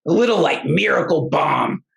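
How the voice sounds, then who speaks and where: Gravelly man telling a halting story. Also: fairly high pitch, expressive, a bit bright, rough recording. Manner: halting and rambling, many restarts. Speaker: guest storyteller. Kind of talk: casual personal storytelling.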